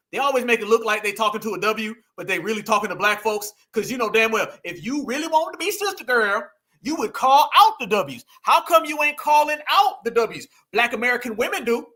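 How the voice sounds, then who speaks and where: A man's voice: high voice, sharp tone. A man hosting a live reaction stream, speaking emphatically in slang and firing rhetorical questions at the clips he plays. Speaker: host.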